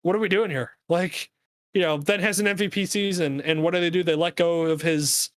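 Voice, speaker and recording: A man co-hosting a podcast, talking sports in a casual, animated, rambling rant full of fillers. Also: fairly high pitch, normal speed, smooth, dry recording. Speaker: podcast co-host.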